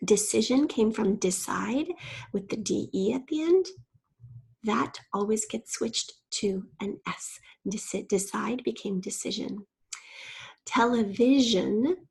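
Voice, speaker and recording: A patient woman teacher explains spelling step by step, slipping in a playful aside now and then. Her voice has a gravelly, husky edge and sits at a middle pitch for a woman. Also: darkish tone. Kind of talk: spelling lesson.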